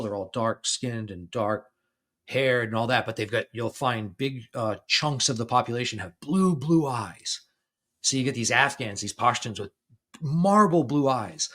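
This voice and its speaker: A middle-aged man in his fifties talks loosely on his own podcast, pitched right in the middle of the male range. He keeps chuckling between phrases and often restarts or doubles his words as the stories tumble out. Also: a bit bright. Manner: chatty storytelling, laughs often between phrases. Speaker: podcast host. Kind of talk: casual conversation.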